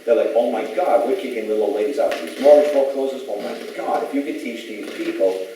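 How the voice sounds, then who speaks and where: A man's voice: fairly low pitch, quick pace, noisy background. A man giving an informal talk to an audience, rambling through stories and acting out the people he quotes. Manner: rambling storyteller who acts out quoted voices. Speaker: public speaker at a gathering. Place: large echoey room. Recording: echoey hall, voice from far off.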